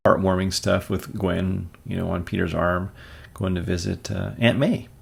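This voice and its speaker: A man's voice: sits low, fairly even intonation, normal speed, gravelly, breathy edge. A man casually reviewing and reading a comic book aloud, chatty and amused, with jokey asides.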